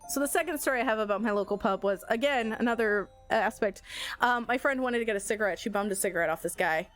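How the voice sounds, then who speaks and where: A young woman streaming a game, chatting with viewers, telling stories and thinking aloud in a giggly way. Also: medium pitch. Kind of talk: casual live-stream chat.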